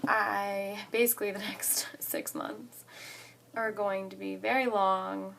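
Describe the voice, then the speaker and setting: A young woman in her twenties telling a story to the camera in a casual vlog, excited and chatty, saying "like" often. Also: mid-range voice, slow pace, vocal fry, a little hiss or hum. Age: 20s. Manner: excited and chatty, heavy use of "like". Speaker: college student vlogger.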